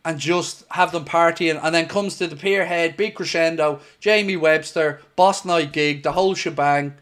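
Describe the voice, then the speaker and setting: A man's voice: a little high, fairly even intonation, moderate pace, fairly bright tone, clean tone. An Irish man hosting a football watchalong stream, chatting casually and reading out viewer comments. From Ireland. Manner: chatty and jokey, calls viewers mate.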